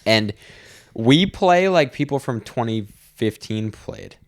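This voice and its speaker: A man co-hosting a podcast, chatting casually and telling stories with animated energy. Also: mid-range voice, takes it slowly. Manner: animated storyteller, acts out quotes. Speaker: podcast co-host. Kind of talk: casual chat.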